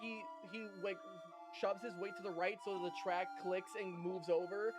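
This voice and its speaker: Man running a tabletop game, high voice, rambling, music under. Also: steady tone, normal speed. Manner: rambling, giggly, filler-heavy. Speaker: game master.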